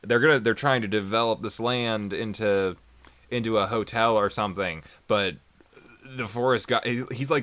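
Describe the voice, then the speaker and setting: A man's voice: mid-range voice, moderate pace, pushed and bright. A man co-hosting a casual anime review chat, rambling with many fillers and laughing often. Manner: rambling, laughs often, mimics characters in silly voices. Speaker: podcast co-host.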